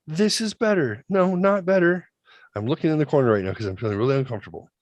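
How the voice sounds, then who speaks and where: A man in his thirties telling a story in a casual, profane, animated way, swinging between loud outbursts and quiet asides. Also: a little high, quick pace, no room sound, lo-fi sound. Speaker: podcast host.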